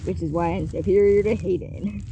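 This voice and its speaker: A woman's voice: medium pitch, fairly even intonation, moderate pace. A woman chatting casually as co-host, playful and teasing, joking between the dogs and her friend. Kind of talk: casual chat. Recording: noisy background.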